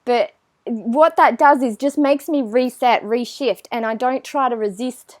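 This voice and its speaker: A woman's voice: on the high side, measured pace, a little mellow, no echo. A woman, chatting animatedly as an interview guest and acting out her own thoughts. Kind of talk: casual interview chat.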